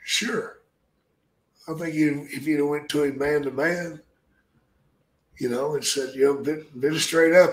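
Older man, gruff raconteur with a heavy cursing habit, sits a touch high in his register, in a roomy echoing space. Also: fairly even intonation. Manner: blunt, heavy swearing, drawn-out storytelling. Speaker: guest, retired wrestler. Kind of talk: profane storytelling. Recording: roomy echo.

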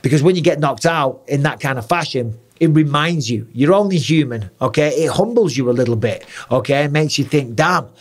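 A man's voice: fairly high pitch, expressive, fairly quick, few pauses. Emphatic man breaking down a fight. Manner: emphatic, keeps adding "okay?" and "right?". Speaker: host and former fighter. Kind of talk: fight analysis commentary.

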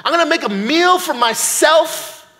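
A man voicing a tough, defiant widowed woman with a brash New Jersey accent, talking rough and streetwise. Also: very high voice, expressive, unhurried, sharp tone, pitched above the performer's own voice, heavily acted. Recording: long hall reverb, church sanctuary.

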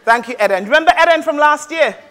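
A woman's voice: sits high, lively intonation, quick pace, a bit bright, some chatter behind, slight background noise. A woman storyteller telling a tale live to an audience in a playful, rhythmic, call-and-response manner.

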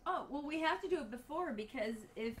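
A woman co-hosting a podcast with casual, wry banter. Her voice swoops up and down and moves quickly. It sits slightly high. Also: lively intonation, a bit bright, a little hiss or hum. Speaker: podcast co-host.

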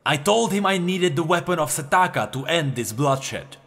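A man voicing a wounded immortal warrior who speaks gravely and wearily. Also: fairly high pitch, lively intonation, moderate pace, fairly bright tone. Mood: solemn. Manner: solemn, grave. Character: weary wounded male immortal warrior, solemn.

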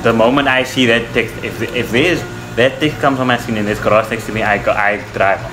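A man's voice: lowish voice, poor audio. A young man giving casual, rambling commentary while playing a racing game, often swearing and restarting his sentences. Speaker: gamer.

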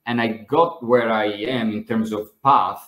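A man's voice: on the low side, steady tone, measured pace, fairly bright tone, echoey room. A man being interviewed as a podcast guest, speaking thoughtfully and hesitantly with frequent fillers and restarts. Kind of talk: reflective conversational interview.

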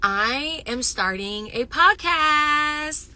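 A woman chatting casually with viewers on a phone livestream, animated and loud, swinging between excited bursts and near-whispers. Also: sits high, drawn-out words. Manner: says she is loud. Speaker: reality TV personality going live.

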